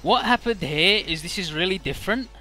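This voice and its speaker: A man's voice: high-pitched, lively intonation, a little fast, pushed and bright. A man giving casual, rambling, profane commentary while playing a video game. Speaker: let's player.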